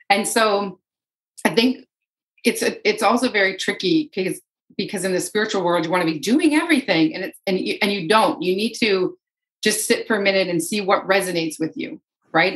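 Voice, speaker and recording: A woman's voice: fairly low pitch, a bit bright, rough recording. A woman, a podcast guest and energy healer, speaking in a flowing way and often repeating her phrases. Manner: flowing, repeats phrases, voices inner thoughts in quotes. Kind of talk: casual podcast interview.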